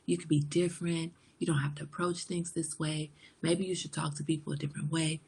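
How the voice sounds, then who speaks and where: A woman's voice: low voice, level tone, brisk, creaky, a little mellow, slightly rough. A woman in her forties hosting a livestream, chatting frankly and jokingly with viewers and reading out their comments. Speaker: livestream host. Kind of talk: casual chat with live viewers.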